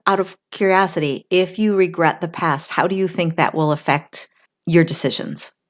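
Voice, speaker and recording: A woman's voice: lowish voice, normal speed. A middle-aged woman co-hosting a podcast in casual chat, reflective, often acting out inner thoughts as quoted asides. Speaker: podcast co-host.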